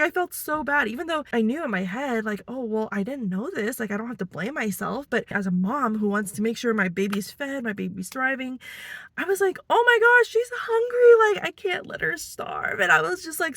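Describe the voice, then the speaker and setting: Young woman, new mom, casual vlog, rambling chatty delivery, fairly high pitch. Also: no echo. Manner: chatty, lots of "like" and "you know", animated quoted voices.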